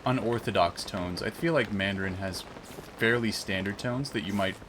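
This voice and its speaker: A man with a fairly low voice chats through a game stream, rambling and musing aloud with plenty of fillers and restarts. The recording carries clear background noise behind his voice. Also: moderate pace. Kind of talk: casual live-stream chat while gaming.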